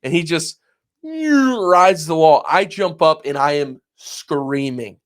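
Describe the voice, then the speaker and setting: Man, twenties, podcast co-host, casual chat, lively storytelling, slightly high voice. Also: slow. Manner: animated storyteller, acts out his own past reactions.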